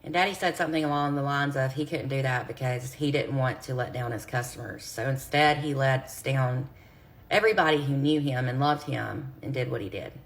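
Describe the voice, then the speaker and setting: Woman, low voice, earnest storyteller talking straight to her followers on a phone video. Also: brisk. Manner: earnest, direct, speaks straight to viewers. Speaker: true crime creator. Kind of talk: personal storytelling to camera.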